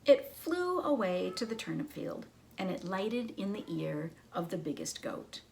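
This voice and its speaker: A woman librarian reading a children's story aloud in an expressive, teacherly way. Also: fairly low pitch, unhurried, gravelly, slight background noise.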